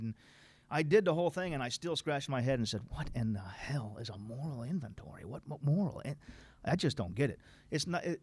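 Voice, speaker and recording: A man's voice: medium pitch, darkish tone, dry recording. A middle-aged man leading a recovery workshop in a plain-spoken, blunt way, reading passages aloud and explaining them. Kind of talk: informal workshop talk.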